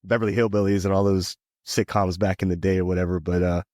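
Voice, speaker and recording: A man's voice: low voice, little pitch movement, quick pace, a little mellow, no echo, clean studio sound. A man hosting an interview podcast, talking casually and rambling with lots of fillers. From Hawaii and Ohio. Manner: rambling, heavy on "you know" fillers. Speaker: podcast host.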